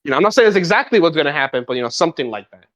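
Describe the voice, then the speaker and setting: A young man co-hosting a casual podcast, his voice a bit high and full of movement in pitch. He talks in a laid-back, easygoing way and swears casually as he reacts and tells his own stories. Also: expressive, very fast, a bit bright. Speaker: podcast co-host. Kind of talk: casual chat.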